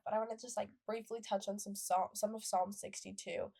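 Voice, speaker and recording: Young woman with a gravelly edge. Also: fairly high pitch, very animated, fairly quick, few pauses, a little mellow. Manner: reads scripture aloud then explains it. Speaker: podcast co-host. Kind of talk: casual faith podcast chat.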